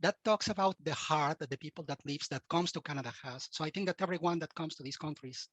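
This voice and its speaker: A man's voice: a little high, quick pace, a bit bright, no room sound. A man from Mexico with a Mexican Spanish accent, Spanish his first language, giving earnest advice as a guest in an interview and often repeating words as he restarts. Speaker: guest expert.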